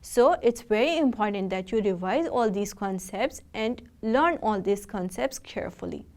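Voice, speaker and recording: A woman teacher, giving a recorded video lesson. She speaks patiently and directly to her students and spells out words slowly. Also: medium pitch, expressive, a little mellow.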